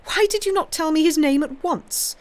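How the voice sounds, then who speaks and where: A woman's voice: on the low side, lively intonation, normal speed, close to an everyday voice. A woman reading aloud, voicing an aging king who is wry and commanding. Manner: imperious, teasing.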